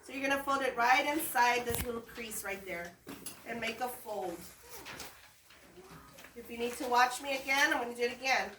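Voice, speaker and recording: A woman's voice: a little high, normal speed, long pauses. A woman teaching a primary school class, giving patient step-by-step directions and encouragement. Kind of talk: classroom instruction. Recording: echoey classroom, mic at a distance, noisy.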